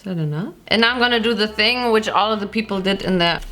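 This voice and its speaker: A woman's voice: medium pitch, fast, a bit bright. A young woman with a German accent chatting through a casual cooking vlog, giggling and making jokey asides. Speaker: vlogger.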